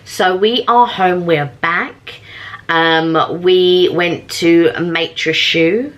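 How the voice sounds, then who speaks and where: A woman's voice: lowish voice, steady tone, extremely slow, muffled recording, soft background music. A woman co-hosting a food vlog, chatting casually as she describes the pastries. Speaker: vlog co-host. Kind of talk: casual chat.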